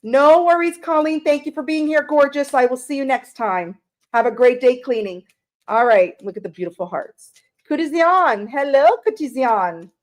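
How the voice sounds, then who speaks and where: A woman's voice: high voice, animated, moderate pace. A middle-aged woman giving a chatty live-stream tarot reading, greeting viewers by name and swearing casually. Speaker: tarot reader.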